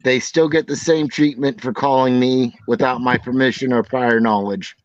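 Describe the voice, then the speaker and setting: A man's voice: medium pitch, fairly even intonation, moderate pace, no room sound. Blunt, self-deprecating man, panel chatter, dull lo-fi audio. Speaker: panel guest. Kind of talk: casual panel chat.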